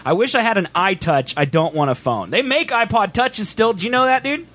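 High bouncy guy on a stream mic, bright voice, goofing around with his buddy. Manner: joking, animated, quick laughs. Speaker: streamer co-host. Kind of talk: casual livestream banter.

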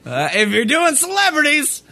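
A man's voice: very high voice, huge pitch swings, moderate pace, gravelly, pushed and bright. A man co-hosting a stream, joking bluntly and swearing freely in casual chat. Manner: blunt, profane, wisecracking. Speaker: stream co-host.

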